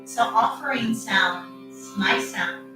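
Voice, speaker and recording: A woman yoga teacher guiding a relaxation with soft, calm, encouraging cues. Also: mid-range voice, slow. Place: practicing at home. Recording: very echoey room, distant mic, music behind.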